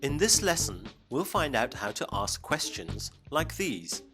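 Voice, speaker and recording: A man presenting a scripted English lesson, speaking clearly and slowly for learners. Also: medium pitch, very animated, music in the background. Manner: clear, slow teaching delivery. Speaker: English teacher.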